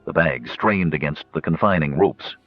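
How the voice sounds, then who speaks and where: A man reading an audiobook as narrator, telling the story in an expressive way. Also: extremely low pitch, moderate pace, dry recording, dull audio, faint music behind.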